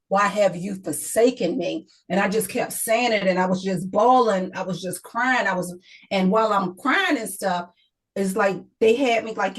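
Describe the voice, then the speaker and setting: A woman's voice: medium pitch, low-quality recording. A middle-aged woman, a guest author, telling an emotional personal story in an interview, often repeating herself and quoting others.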